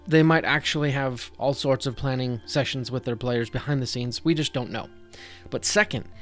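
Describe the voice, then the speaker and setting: A man hosting a podcast, talking directly to the listener in a conversational, scripted way as he gives advice to dungeon masters. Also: medium pitch. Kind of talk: scripted tips talk.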